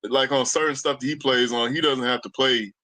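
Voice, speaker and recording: A man's voice: mid-range voice, steady tone, a little fast, pushed and bright, no room sound, low-quality recording. A man who plays jazz, talking on a casual livestream panel. He speaks thoughtfully and searches for his words. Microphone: remote call mic.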